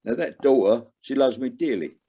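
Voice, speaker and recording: A man's voice: mid-range voice, moderate pace, mellow. An older man with an earnest, emotional way of talking, telling his own story as a podcast guest. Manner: earnest, emotional, rises sharply when stressing a point. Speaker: guest, recovering gambler. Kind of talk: candid personal storytelling. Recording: dull lo-fi sound.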